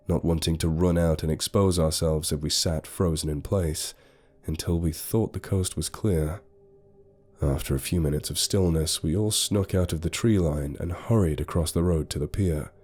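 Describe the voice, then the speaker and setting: Deep-voiced man narrating horror. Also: steady tone, moderate pace, darkish tone, breathy edge. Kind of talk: scripted first-person horror narration. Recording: faint music behind.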